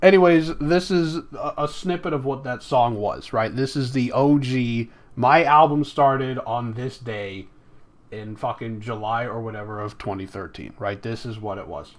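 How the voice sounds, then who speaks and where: A man's voice: medium pitch, measured pace. A man hosting his album release live stream, chatting casually with viewers, rambling and swearing freely into a close desktop mic.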